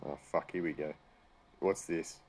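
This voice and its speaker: Australian male host, low register, profane, sarcastic, exasperated commentary. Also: fairly even intonation, a little slow, a little mellow. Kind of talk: profane rant reacting to news articles.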